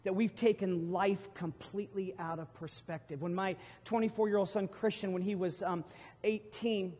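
A middle-aged male pastor preaches a sermon, telling stories with emphatic swells and sudden loud bursts. His voice sits high for a man. It rings out with a long reverb tail across a large hall. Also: steady tone, normal speed.

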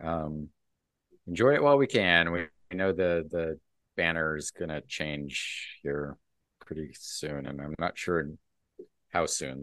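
A deep-voiced man talking casually on a comics podcast. His pitch swings widely as he recaps the plot and drops into the characters' lines. The sound is dry and close. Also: fairly bright tone, no room sound. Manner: recaps the plot and acts out the dialogue. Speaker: podcast host. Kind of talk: casual comic book chat.

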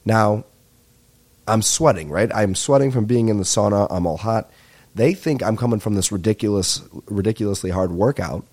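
A young man rants through a comedy podcast monologue, rambling, excitable and freely profane. His voice sits on the low side and has a mellow, relaxed tone. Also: moderate pace. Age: 20s. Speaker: podcast host.

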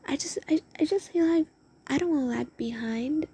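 A woman's voice: high-pitched, normal speed, dark tone. A young woman telling a rambling, emotional story in a confessional vlog, often dropping into a whisper. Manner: rambling, emotional, lots of "oh my God". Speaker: vlogger.

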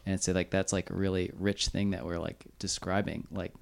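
A man's voice: low-pitched, little pitch movement, a little fast, gravelly, few pauses. A man speaking as a guest on a church podcast, reflective and casual with many "like"s. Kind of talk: conversational Bible discussion.

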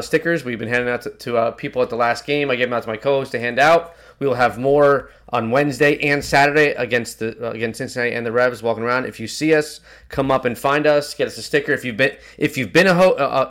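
A man's voice: medium pitch, fairly bright tone. A man hosting a casual soccer podcast, loose and profane, often breaking into laughter. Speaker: podcast host. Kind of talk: casual chat.

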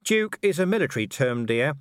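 A man's voice: a little high, sing-song, brisk, a bit bright, clear, resonant tone, no echo, voice pushed up. A man playing a dry evasive watch commander. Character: wry, evasive middle-aged male watch commander. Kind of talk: audiobook character voice.

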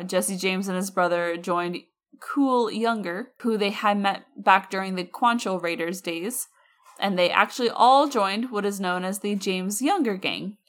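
A woman's voice: mid-range voice, a bit bright. A woman co-hosting a podcast, telling a history story in a casual, slangy way with chatty asides. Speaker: podcast co-host.

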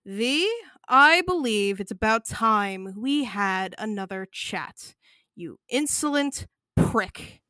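A woman voicing a scornful, menacing male naga changeling, speaking in a deep, sneering tone. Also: lively intonation, slow, bright, forceful tone. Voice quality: deep, echoing voice. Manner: sneering, swearing scolding.

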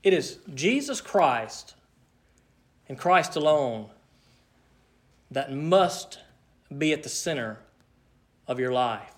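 A man preaching a sermon as pastor, emphatic, with dramatic slow pauses. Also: fairly high pitch, big pitch swings.

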